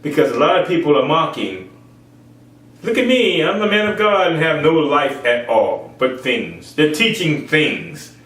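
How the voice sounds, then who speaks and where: A man preaching in a fairly high, swinging voice that leaps up and down. He repeats phrases to press his point and acts out other people's voices. He is recorded from a distance in an echoey room. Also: big pitch swings, measured pace, a bit bright. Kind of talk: informal sermon.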